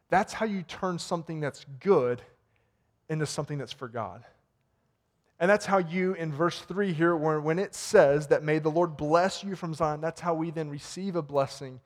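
A man's voice: on the high side, normal speed. A man preaching a sermon in a church in a conversational way, retelling stories and ending in prayer. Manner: conversational preaching with retold dialogue, repeats words. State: sweating. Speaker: pastor. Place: warm church sanctuary.

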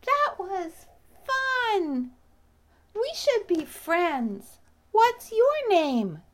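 A woman voicing a small, cheerful, giggly bumblebee in a storybook, with a high, bouncy voice. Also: sing-song, very slow, fairly bright tone, full character voice.

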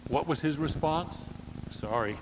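A man preaching a sermon as pastor, emphatic, rising to loud stresses and dropping to soft low phrases, with dry humorous asides. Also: unhurried, big-room sound, heavy background noise. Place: church sanctuary.

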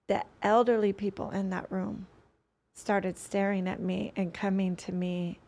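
A woman's voice: mid-range voice, level tone, a little slow, a little mellow. A woman guest on a podcast, telling a personal story earnestly, rambling and restarting her sentences often.

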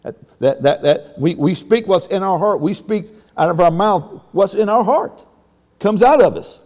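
A man delivers a sermon in a folksy, emphatic preaching manner, breaking into sudden exclamations. His voice sits high. The sound carries a long reverb, as if recorded in a large church hall. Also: expressive, unhurried, a little mellow. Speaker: pastor.

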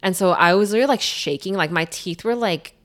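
A woman's voice: medium pitch, fast talker, a bit bright. A young woman telling a story in casual chat, rambling with many filler words.

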